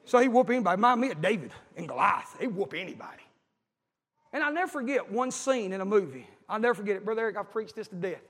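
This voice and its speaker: A man's voice: high-pitched, expressive, fast, a bit bright, slightly rough. A man preaching a fervent, folksy sermon and calling out to his congregation. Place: church with a congregation. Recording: echoey hall.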